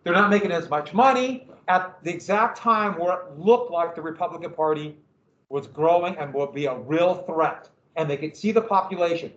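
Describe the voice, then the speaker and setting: A man teaching a history lesson to a class, lively and questioning his students. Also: fairly high pitch, moderate pace. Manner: animated, asks the class questions. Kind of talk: classroom lecture. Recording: dull, roomy, from a distance.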